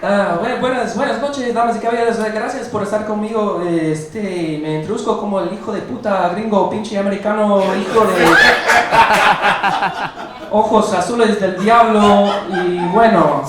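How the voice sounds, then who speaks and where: A man's voice: sits high, normal speed, very noisy, voice pushed up, lightly acted. A man in his thirties voicing his brash Spanish-speaking alter ego, a swaggering stand-up persona, in a roomy club heard from far off with a crowd. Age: 30s. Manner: bold, swaggering stand-up delivery. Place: comedy club stage.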